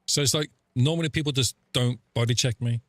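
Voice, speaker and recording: A man's voice: medium pitch, a little fast, fairly bright tone, no echo. Sweary man rambling on stream. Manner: rambling, sweary storytelling with frequent fillers. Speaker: game streamer. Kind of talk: casual live-stream chat.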